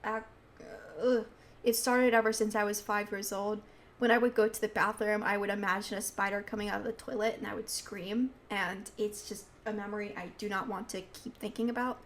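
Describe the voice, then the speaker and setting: A woman's voice: medium pitch, flat delivery, fairly quick, slight background noise. A teenage girl hosting a casual podcast, talking in a chatty, giggly way with many fillers as she tells stories. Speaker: podcast host. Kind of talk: casual rambling monologue.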